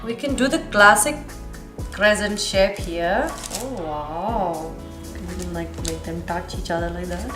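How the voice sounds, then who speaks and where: A woman's voice: lowish voice, measured pace. Playful woman in an echoey kitchen. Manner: playful and chatty, half-singing some words. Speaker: home cook presenting a recipe. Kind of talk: casual cooking vlog chat. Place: home kitchen. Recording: very echoey kitchen with background music.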